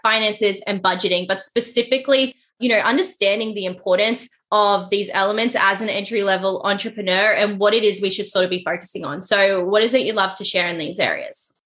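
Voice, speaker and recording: Woman podcast host, chatty, lots of "sort of", bright clear tone, mid pitch. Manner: chatty, hedging, fills with "sort of" and "you know". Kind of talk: casual podcast interview.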